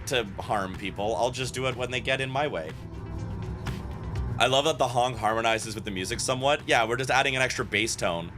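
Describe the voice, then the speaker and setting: A man's voice: mid-range voice, a little fast. A man streaming a game, chatting playfully with viewers and reading the game's text aloud. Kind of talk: casual gameplay commentary. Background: faint game music.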